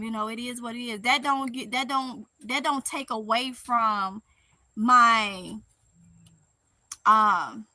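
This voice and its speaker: A woman with a Mississippi Southern accent chatting casually on a live stream, reading viewer comments aloud, animated and laughing often. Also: fairly high pitch, dry recording. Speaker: vlogger reading live chat.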